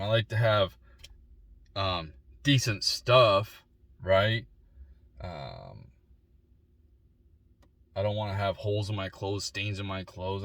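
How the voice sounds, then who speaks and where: A man's voice: lowish voice, fairly bright tone, no echo. A man in his forties giving a rambling, opinionated solo monologue with frequent restarts and repeated words. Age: 40s. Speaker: vlogger.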